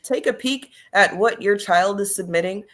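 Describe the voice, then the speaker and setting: A woman hosts a casual livestream discussion with an emphatic, direct manner. She turns to her viewers often, and her voice sits at an ordinary middle pitch for a woman. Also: moderate pace, fairly bright tone. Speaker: host and teacher.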